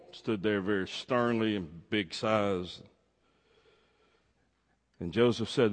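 A man telling a heartfelt true story, expressive, swinging between loud and hushed. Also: fairly low pitch, measured pace. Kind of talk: emotional storytelling. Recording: long hall reverb.

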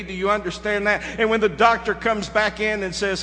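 A man preaching, telling a dramatic story that swings from loud to hushed. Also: high voice, fairly even intonation, normal speed, hardly any pauses, in a large hall, a little hiss or hum. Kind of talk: sermon illustration.

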